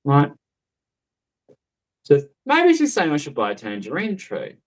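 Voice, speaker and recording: A man's voice: on the high side, wildly swooping pitch, unhurried, low-quality recording. A man who works as a psychic medium tells a story in a casual, rambling way, full of fillers and asides. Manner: chatty, rambling, with many fillers and laughs.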